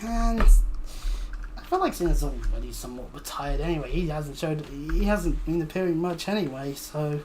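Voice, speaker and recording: Low-voiced woman rambling over gameplay. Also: expressive, normal speed, darkish tone, slight background noise. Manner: rambling, joking asides to self. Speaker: livestreamer. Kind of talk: casual gameplay commentary.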